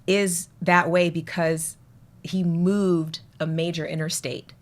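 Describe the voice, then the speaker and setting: A woman's voice: on the low side, slow. A woman from Atlanta, a podcast guest telling family stories in a casual chat, acting out the people she quotes. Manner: animated storyteller, acts out quotes.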